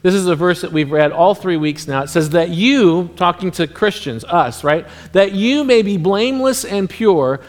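A man's voice: high-pitched, normal speed, few pauses. Man telling a story in a sermon. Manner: rambling, animated storyteller acting out quoted voices. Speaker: pastor.

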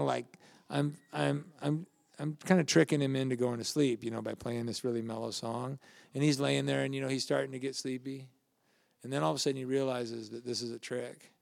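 A man's voice: mid-range voice, brisk, gravelly, no echo. An older man, a pastor, giving a conversational sermon with family anecdotes and questions to the congregation.

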